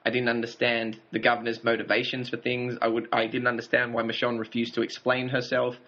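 A man's voice: mid-range voice, completely flat delivery, a little fast, bright, forceful tone. A man co-hosting a casual TV review chat, recapping the plot and chuckling now and then. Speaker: podcast co-host. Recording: dull lo-fi audio.

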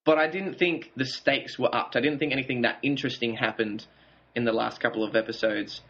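A man's voice: medium pitch, fairly quick, fairly bright tone. Man casually recapping a TV season. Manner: recaps plot, chuckles often. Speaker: podcast co-host. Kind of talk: casual TV review chat. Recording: dull lo-fi audio.

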